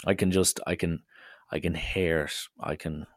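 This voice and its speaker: A young Irish man hosting a podcast, telling a story in an animated way, swearing freely. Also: deep voice, measured pace, no echo, clean studio sound. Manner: animated, swears, acts out others' lines. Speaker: podcast host. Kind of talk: casual storytelling monologue.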